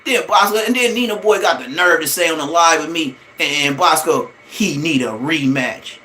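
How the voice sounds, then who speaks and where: A man hosting a livestream, giving blunt, profane, trash-talking commentary in an excitable way. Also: fairly high pitch, normal speed, few pauses. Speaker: livestream host.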